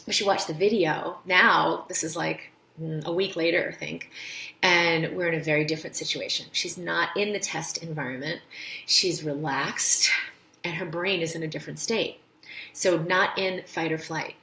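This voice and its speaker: A woman's voice: low voice, moderate pace, vocal fry, echoey room, slight background noise. A woman doctor hosting a casual live-stream talk, explaining health ideas and telling stories with acted-out voices. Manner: animated storytelling, acts out quoted voices. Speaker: doctor and show host.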